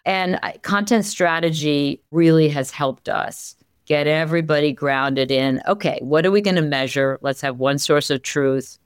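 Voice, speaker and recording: Smooth-voiced, animated newspaper executive. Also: mid-range voice, normal speed, no room sound, studio quality. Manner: energetic, animated, many restarts. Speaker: newspaper executive, interview guest. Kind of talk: conversational interview.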